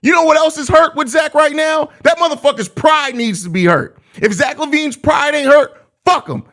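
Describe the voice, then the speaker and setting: A man's voice: very high-pitched, moderate pace, a bit bright. A young man hosting a live postgame stream, ranting in exasperated, profane slang about his team's loss. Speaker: host of a live postgame show.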